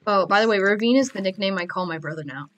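A woman's voice: mid-range voice, fast talker, slight background noise. A woman giving casual, playful commentary while playing a game, joking and giggling to herself. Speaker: Minecraft player.

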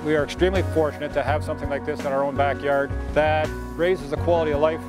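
Fast-talking military base spokesperson. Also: male voice, on the high side, flat delivery, music in the background. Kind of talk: interview soundbite.

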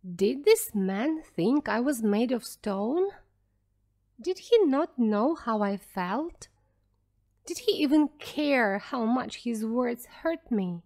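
A woman narrating a storybook for English learners in a careful, clear reading. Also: a little high, lively intonation, slow, darkish tone.

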